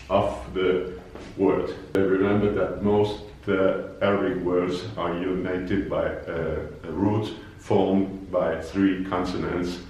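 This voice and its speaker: Slow, low-voiced man teaching in an echoey room. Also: a little mellow, far from the mic. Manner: patient, repeats words slowly for learners. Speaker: language teacher. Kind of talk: slow explanatory lesson.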